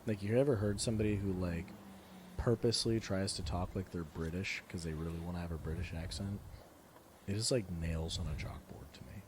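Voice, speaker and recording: A man from Florida gives his blunt opinions in a casual podcast chat. His voice is very deep. A faint noise sits under his speech. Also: brisk. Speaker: podcast co-host.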